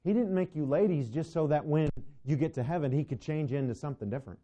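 A man leads a classroom Bible lesson in a very dark, mellow voice. He talks in an easygoing, digressive way and turns to his students with asides. The recording is dull and lo-fi. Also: a little high, quick pace. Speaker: Bible teacher.

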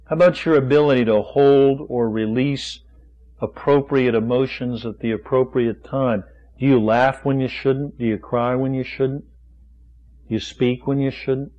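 A man's voice: medium pitch, steady tone, measured pace, highs cut off. A man preaching a sermon, firing off rhetorical questions with folksy asides.

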